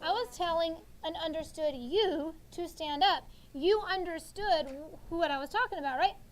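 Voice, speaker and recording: A woman in her thirties teaching sixth grade in a classroom, animated and coaxing, drawing call-and-response answers from her students. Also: very high-pitched, normal speed, slight background noise.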